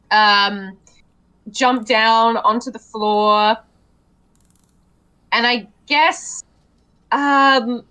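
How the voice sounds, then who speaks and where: Slow, giggly woman playing a tabletop game. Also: on the high side, sharp tone, rough recording. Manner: giggly, hesitant, lots of ums. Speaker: player.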